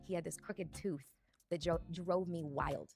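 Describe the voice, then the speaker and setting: Woman, thirties, deep voice, dreamy storyteller, soft music bed. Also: fairly even intonation, gravelly. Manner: reflective, dreamy, drawn-out phrasing. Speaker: guest telling her life story. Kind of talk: personal storytelling. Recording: faint music underneath.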